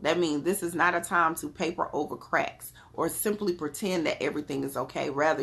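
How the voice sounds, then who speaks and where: A woman with a low, creaky, fairly bright voice gives her viewers an oracle card reading. This spiritual card reader keeps it casual and chatty with spiritual talk, affectionately calling them beloved and urging them on.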